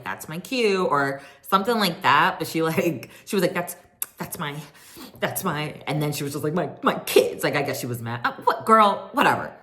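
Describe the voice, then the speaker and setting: Woman, low-pitched, casual chatty recap, sassy, animated quotes. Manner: chatty and sassy, quoting people in animated voices. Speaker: reality TV recap host.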